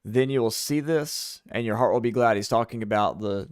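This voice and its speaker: A man co-hosting a casual Bible study show, reading verses slowly and explaining them. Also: mid-range voice, no echo, clean studio sound. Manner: reads scripture slowly and explains it. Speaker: co-host of a Bible radio show.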